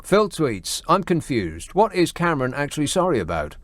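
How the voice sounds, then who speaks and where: Dry, teasing British radio host. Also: male voice, fairly high pitch, huge pitch swings, moderate pace, very noisy. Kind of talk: late-night radio phone-in chat. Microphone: studio microphone.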